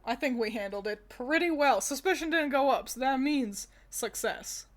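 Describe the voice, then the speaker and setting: A woman's voice: high voice, expressive, normal speed, soft background music. A woman chatting casually while streaming a video game at home, reacting aloud and laughing often. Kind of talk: casual gaming commentary.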